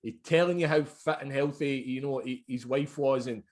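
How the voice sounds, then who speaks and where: A man hosting a podcast interview, speaking in a sympathetic, halting way with many fillers. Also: mid-range voice. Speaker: podcast host. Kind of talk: conversational interview.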